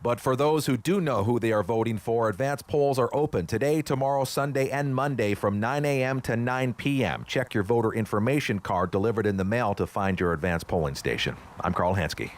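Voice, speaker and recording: A man reading a radio news report in a plain, measured voice. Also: mid-range voice, no echo.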